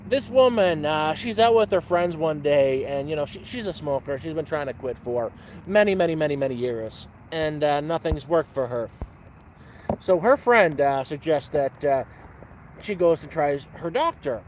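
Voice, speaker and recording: A man telling a dirty joke on a livestream at an outdoor campfire, rambling and repeating words, with loud sound effects. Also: fairly high pitch, expressive, normal speed, a little hiss or hum. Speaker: livestream host.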